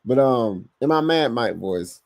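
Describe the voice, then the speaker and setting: Animated man hosting a live sports stream. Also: mid-range voice, measured pace, no echo, studio quality. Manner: animated, talks to chat, bursts of louder emphasis. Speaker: podcast host reading live chat.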